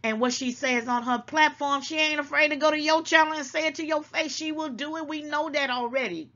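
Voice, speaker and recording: A woman's voice: sits high, steady tone, a little fast, bright, forceful tone. A woman hosting her own channel, giving emphatic, preachy commentary to her viewers and calling them baby. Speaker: channel host. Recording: dull lo-fi sound.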